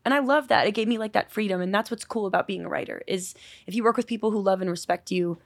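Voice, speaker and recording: A woman songwriter telling stories in a casual podcast interview, acting out quoted voices with animated energy. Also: mid-range voice, fast, vocal fry, no room sound. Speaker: songwriter guest.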